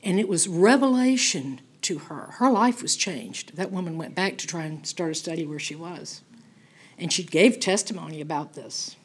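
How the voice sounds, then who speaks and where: An older woman teaching a Bible study, telling stories in a folksy, animated way and acting out the people she quotes. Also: on the low side, moderate pace, breathy edge.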